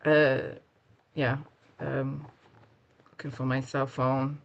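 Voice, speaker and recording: A man playing a tabletop game, talking in character and out, slow and rambling with fillers. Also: mid-range voice, flat delivery, vocal fry, highs cut off. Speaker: player. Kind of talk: casual in-character play.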